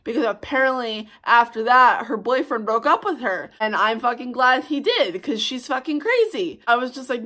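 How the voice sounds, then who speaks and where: Young woman, storytime vlogger; bright, fired-up delivery, cursing freely, quick bursts. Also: high-pitched, animated. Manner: heated, swearing, fast bursts. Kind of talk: storytime vlog.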